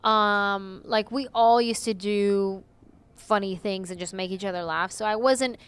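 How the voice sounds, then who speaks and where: A young woman comedian chatting in an interview, animated and full of "like" and "you know". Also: mid-range voice, a little slow, smooth. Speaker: comedian guest. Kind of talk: casual interview chat.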